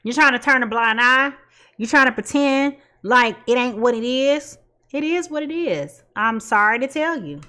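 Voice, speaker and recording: A woman's voice: on the high side, animated, moderate pace, pushed and bright. A woman giving a casual tarot reading in a blunt, sassy way and laughing at her own jokes. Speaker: tarot reader.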